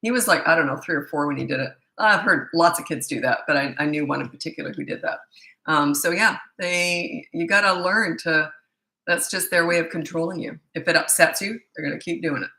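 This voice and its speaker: A middle-aged woman who works as a parenting coach reads out viewer questions and answers them bluntly, casually and with strong opinions. Her low voice is bright and forceful, moving a little fast, with a reverberant sound.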